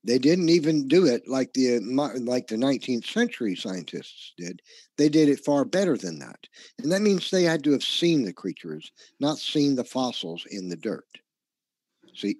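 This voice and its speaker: A man's voice: mid-range voice, very animated, normal speed, a little mellow, dry recording. A man presenting a slideshow lecture in an earnest, insistent way, often stumbling and restarting his words.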